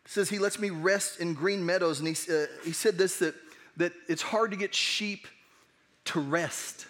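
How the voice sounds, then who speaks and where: A man's voice: high-pitched, unhurried, fairly bright tone. A man preaching a sermon as pastor, conversational and earnest, often restarting his sentences. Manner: conversational, earnest, with frequent restarts and acted asides.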